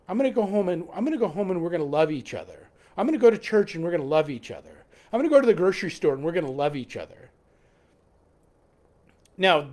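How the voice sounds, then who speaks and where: High-voiced man giving a casual sermon. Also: darkish tone. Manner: earnest, repeats key phrases, frequent restarts. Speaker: pastor. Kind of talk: conversational sermon reflection. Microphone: live-stream recording.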